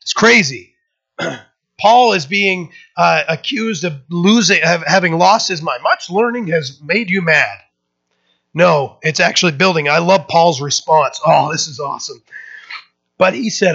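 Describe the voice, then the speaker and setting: A pastor preaching a sermon in a conversational, emphatic way, with many fillers and restarts, and breaking into lively quoted voices. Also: male voice, measured pace, creaky, breathy edge, highs cut off. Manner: acts out quoted voices with sudden lifts in pitch.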